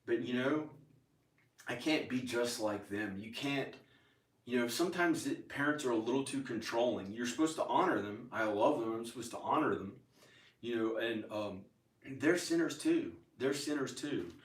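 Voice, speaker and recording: A man's voice: medium pitch, moderate pace, distant mic. Man rambling in an echoey room. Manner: meandering, repeats himself, many fillers and restarts. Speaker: vlogger. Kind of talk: rambling casual monologue.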